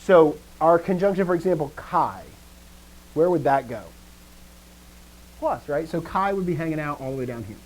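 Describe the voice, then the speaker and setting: A man teaching a live grammar lesson, explaining step by step, often answering students with quick affirmations and dry joking asides. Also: fairly high pitch, expressive, a little mellow, poor audio. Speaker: language teacher.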